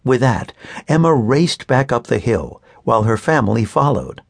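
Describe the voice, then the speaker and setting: A man narrating a children's audiobook in an expressive storytelling manner. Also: mid-range voice, normal speed, creaky, dry recording, clean studio sound. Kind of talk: scripted narration of a children's book.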